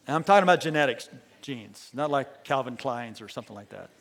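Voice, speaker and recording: A pastor telling a story in his sermon. He swings between hushed lines and loud, emphatic ones and leads the congregation in call and response. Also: mid-range voice, expressive, fairly quick, creaky, big-room sound.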